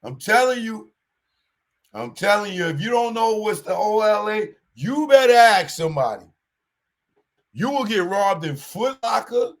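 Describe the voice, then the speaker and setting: A man hosting a show, giving a casual commentary monologue in animated street talk and repeating his warnings. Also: sits high, measured pace. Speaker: show host.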